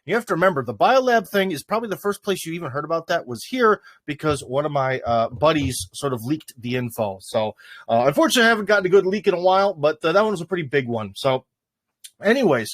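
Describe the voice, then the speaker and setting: A man's voice: a little high, sing-song, fast talker, a bit bright, dry recording. A man hosting a casual livestream, talking off the cuff in a rambling way with plenty of "uh" and "anyways". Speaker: livestream host.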